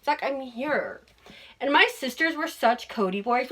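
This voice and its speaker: A young woman hosting a podcast, gushing excitedly and swearing freely in a casual chat. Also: high voice, a little slow. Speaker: podcast host.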